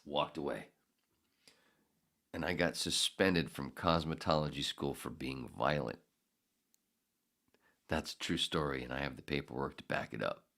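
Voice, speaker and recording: A man hosting his own podcast, telling a story in a casual, profane and sarcastic way, acting out loud outbursts. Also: a bass voice, a little slow, gravelly, pauses often. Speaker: podcast host.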